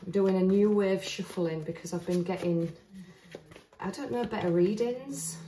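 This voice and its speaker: A woman's voice: mid-range voice, moderate pace, warm tone, a little hiss or hum. A woman doing a casual tarot reading. She talks in a chatty, earnest way and thinks aloud with restarts. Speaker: tarot reader. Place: indoors, standing at a table of cards. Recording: roomy echo, voice heard from a distance.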